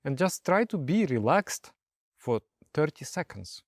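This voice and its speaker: A man teaching yoga and meditation in an animated way, asking rhetorical questions and telling stories. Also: fairly high pitch, a little slow, no room sound. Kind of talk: spoken meditation lesson.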